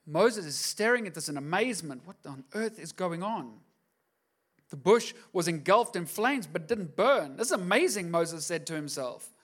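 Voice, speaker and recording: A man's voice: sits high, fairly bright tone. A male pastor preaching a sermon, telling the story casually with slangy, acted-out asides to his congregation.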